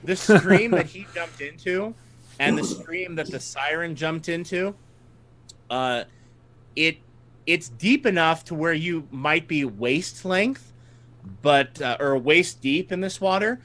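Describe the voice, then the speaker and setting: A man narrates a tabletop adventure as its game master, slowly and carefully. His voice sits a little high for a man. He breaks into laughter often between descriptions. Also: fairly bright tone.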